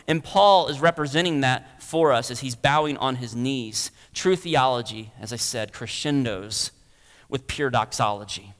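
A man preaching a sermon as pastor, rising to loud stirring peaks and then dropping to a soft hush. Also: mid-range voice, unhurried. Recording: long hall reverb.

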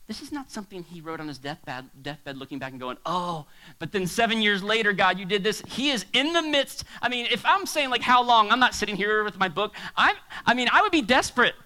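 Guy preaching a sermon, impassioned, bright sharp voice, jumps all over in pitch. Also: big pitch swings, normal speed, poor audio. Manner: impassioned, swings from hushed to shouting. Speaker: pastor. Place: church hall with a congregation.

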